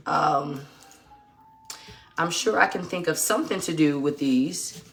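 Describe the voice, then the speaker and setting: Middle-aged lady cooking in her kitchen, lowish voice, chatty, teases and thinks out loud, soft music and pans clinking behind. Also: a little slow, long pauses. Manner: chatty, teasing, thinks aloud while working. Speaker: cooking show host. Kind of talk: casual cooking demonstration. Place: home kitchen.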